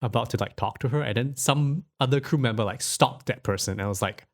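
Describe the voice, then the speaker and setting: A man's voice: mid-range voice, brisk. A man co-hosting a podcast, chatting casually about films with many fillers and frequent laughs. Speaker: podcast co-host. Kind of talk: casual film discussion.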